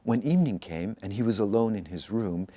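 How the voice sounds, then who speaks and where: A man reading a fairy tale aloud, with expressive storytelling narration. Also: on the low side, fairly quick. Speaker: institute director reading aloud. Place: institute in Tokyo.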